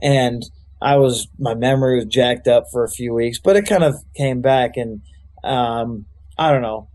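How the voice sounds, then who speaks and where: A man's voice: medium pitch, unhurried, a little mellow. A young man, a youth pastor, telling his life story in a loose, rambling way with lots of fillers. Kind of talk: casual storytelling testimony.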